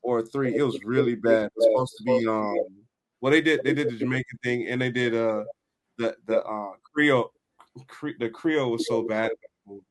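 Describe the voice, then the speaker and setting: An American man co-hosting a casual podcast who talks in an animated way, repeats himself and laughs while he talks. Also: mid-range voice, moderate pace, low-quality recording. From United States. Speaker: podcast co-host.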